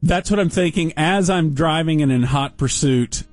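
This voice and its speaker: Wry deadpan man telling a story. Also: fairly high pitch, moderate pace, no room sound, soft background music. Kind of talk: casual storytelling chat.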